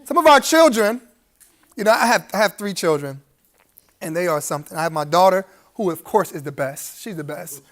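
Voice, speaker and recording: A man's voice: high-pitched, lively intonation, a little fast, a bit bright. A man giving a live keynote speech at a gala, preacherly and humorous, chuckling through his asides and rising to emphatic appeals to the audience. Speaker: keynote speaker.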